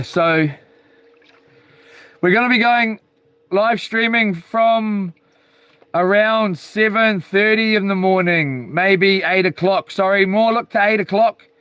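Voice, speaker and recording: A man's voice: high voice, fairly bright tone, clear, resonant tone, no room sound. A man hosting a casual live stream outdoors by the sea at night, rambling and hesitant with many ums. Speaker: channel host live-streaming.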